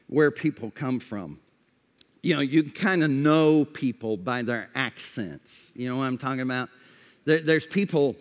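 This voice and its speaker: Slow-preaching man in a reverberant hall. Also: a little high. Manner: conversational preaching with repeated false starts; drops to a soft, slow voice for reflective questions. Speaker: pastor. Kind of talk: sermon.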